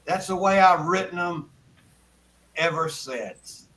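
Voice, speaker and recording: A man's voice: sits high, takes it slowly, pushed and bright, far from the mic, a little hiss or hum, low-quality recording. An older man, a guest songwriter telling rambling folksy anecdotes on a video call. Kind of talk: casual storytelling interview.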